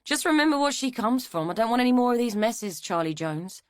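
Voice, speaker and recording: A controlling, mean-spirited mother, as a woman narrator puts her on. Her voice climbs higher and louder as she scolds, clipped and disapproving. The sound is dry and close, like a storybook reading. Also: animated, brisk, no room sound, natural voice. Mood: scolding.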